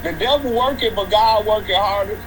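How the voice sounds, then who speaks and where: A man talking slowly and reflectively as a guest in casual conversation. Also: high voice, a little hiss or hum, poor audio.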